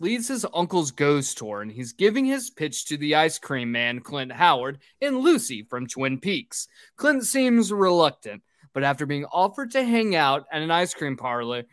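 A man's voice: fairly high pitch, dry recording. A man hosts a boozy comedy podcast, recapping a film in a loose, rambling and profane way. His voice swings widely up and down as he gets carried away. The recording is close and dry, with no room sound. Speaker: podcast host. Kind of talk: drunk comedy podcast chat.

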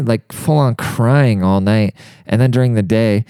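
A man's voice: medium pitch, lively intonation, fast, gravelly, warm tone, smooth, no echo, clean studio sound. A young man telling a crude, rambling comedic rant, heavy on swearing and fired up. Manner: profane, rambling, fired-up, says dude a lot. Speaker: monologue speaker.

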